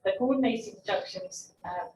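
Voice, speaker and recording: A woman's voice: medium pitch, a little fast, mellow, dull audio, a little hiss or hum. Woman reading literary criticism in a roomy space. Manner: reflective, with wry self-interrupting asides. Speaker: PhD researcher presenting her essay. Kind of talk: reading an essay with asides. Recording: roomy echo, mic at a distance, faint ambience.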